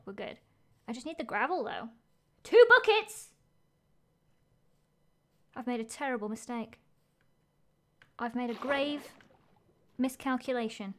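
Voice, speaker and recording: A woman live-streaming a game, narrating her own moves with excitable energy. Her voice sits high and bright in pitch. She thinks out loud constantly, reacting to each twist as it comes.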